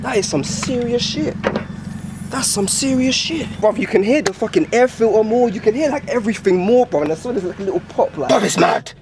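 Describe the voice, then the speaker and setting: Hyped young lad, quick and high. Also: male voice, animated, vocal fry, background noise. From England. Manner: hyped slang-heavy banter. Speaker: car vlogger. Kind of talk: casual vlog chat.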